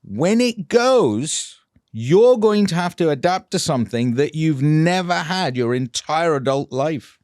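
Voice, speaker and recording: A man, a dental implant clinician telling a patient story in a casual, animated way, laughing often. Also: fairly high pitch, measured pace, dry recording, clean studio sound.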